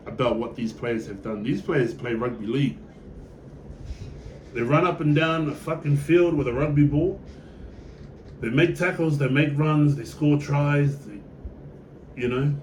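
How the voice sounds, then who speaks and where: A man's voice: mid-range voice, a little mellow, far from the mic, slight background noise. A Tongan man, talking as a fan in a passionate, profane and emphatic way, often asking the viewer questions. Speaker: sports fan vlogger. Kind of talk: casual fan monologue. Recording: roomy echo, voice set back from the mic.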